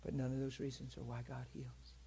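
A man preaching a sermon, telling healing stories in a lively, teasing way and laughing often, moving from quiet asides to loud peaks. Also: mid-range voice, fairly quick, creaky, slight background noise. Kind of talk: sermon storytelling about healings.

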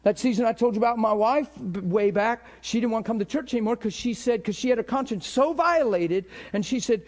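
A man preaching a conversational sermon as a pastor, animated, acting out imagined thoughts in a hushed voice and laughing between points. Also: very high voice, brisk, few pauses.

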